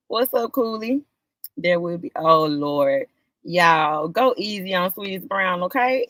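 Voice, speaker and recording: A woman runs a live stream and greets her viewers by name in loose, casual talk. Her greetings stretch out and leap up high, then settle back to her middle-pitched voice. The sound is dry and close, with no room around it. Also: dry recording. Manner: warm, drawn-out greetings with sudden high lifts.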